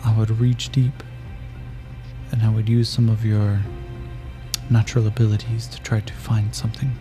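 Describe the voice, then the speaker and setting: A man voicing a secretive male ally who speaks slowly in a hushed, confiding way. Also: on the low side, flat delivery, music in the background, natural voice.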